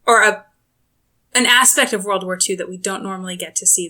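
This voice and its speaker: A woman co-hosting a casual book podcast, explaining things in a brisk, plain way. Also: medium pitch, bright, forceful tone. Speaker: podcast co-host. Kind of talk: casual book review chat.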